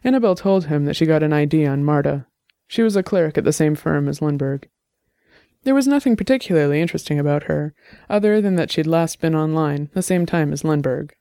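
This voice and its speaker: Brief: steady audiobook narrator, gravelly and mellow, dry close sound. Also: mid-range voice, a little fast, no room sound.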